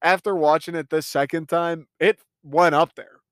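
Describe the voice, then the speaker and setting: A man's voice: a little high, steady tone, moderate pace, fairly bright tone, no room sound, clean studio sound. A young man talking through a casual movie review, enthusiastic and rambling, swearing freely.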